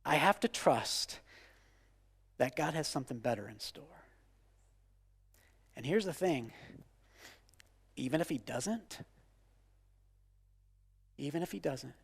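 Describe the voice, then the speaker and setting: A man in his forties preaching a sermon with passion, repeating phrases and swinging from loud declarations to hushed, quiet lines. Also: a little high, expressive, takes it slowly, vocal fry, long pauses, breathy edge, in a large hall. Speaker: pastor.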